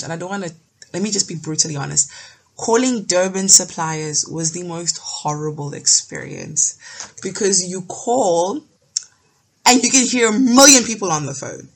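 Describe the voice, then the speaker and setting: A young woman from South Africa co-hosting a casual podcast, telling lively stories with restarts and acted-out quotes. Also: lowish voice, husky. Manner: storytelling, animated retelling with restarts. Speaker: podcast co-host. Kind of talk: casual chat.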